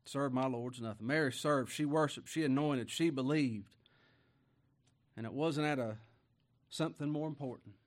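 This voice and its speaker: Male pastor, homespun sermon, mid-pitched voice, jumps from loud emphasis to quiet asides. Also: moderate pace, pauses often. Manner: folksy, conversational preaching with rhetorical questions.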